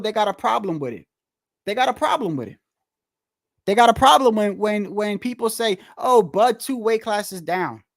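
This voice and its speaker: A man with a high, light voice rants about boxing straight to his viewers. He is heated and profane, circles back over the same words, and throws one rhetorical question after another. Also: fairly bright tone. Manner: profane, slangy. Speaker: boxing commentator. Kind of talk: casual rant to the audience.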